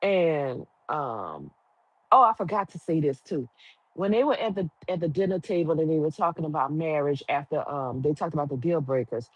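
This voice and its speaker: A woman's voice: low voice, animated, normal speed, breathy edge, dry recording, rough recording. A woman giving a casual, opinionated recap of a TV episode, firing off rhetorical questions in colloquial speech. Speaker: TV recap reviewer. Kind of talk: casual chatty review.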